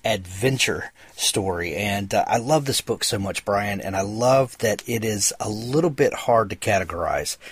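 A male podcast host with a low, husky voice, chatting eagerly with a guest and scattering fillers through his questions. The sound is dry and close. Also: normal speed, hardly any pauses, no echo. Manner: enthusiastic, filler-heavy. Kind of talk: casual interview chat.

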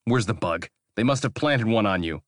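A man's voice: sits low, normal speed, no room sound, studio quality, close to an everyday voice. A man voicing a hard, cool-headed male operative in an audiobook, with clipped, controlled delivery. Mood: tense. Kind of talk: audiobook character voice.

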